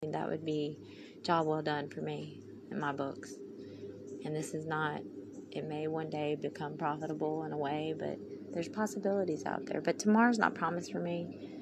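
A woman's voice: low voice, flat delivery, normal speed, creaky. A woman hosting her podcast, talking in a rambling, heartfelt way with a valley-girl lilt. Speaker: podcast host. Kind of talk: casual personal monologue. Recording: noisy recording.

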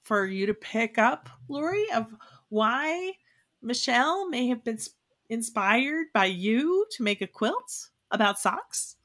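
A woman's voice: on the high side, very animated, slow pace, fairly bright tone. A woman co-hosting a podcast in casual chat, leading the conversation with questions. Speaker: podcast co-host.

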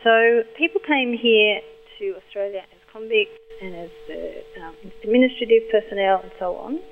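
A woman linguistics expert explaining thoughtfully and patiently in a phone interview, pausing as she thinks. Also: medium pitch. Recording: tinny phone line with faint hum.

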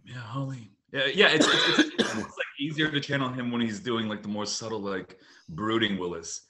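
A man chatting casually as a podcast guest, animated and swearing freely. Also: mid-range voice, normal speed, a little hiss or hum. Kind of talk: casual chat.

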